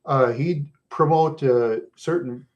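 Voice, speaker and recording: A middle-aged man from Minnesota with a rough voice worn by smoking, chatting loosely with viewers and often chuckling as he rambles through stories. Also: a little high, takes it slowly, lo-fi sound. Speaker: livestream host chatting with viewers. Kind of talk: casual rambling chat.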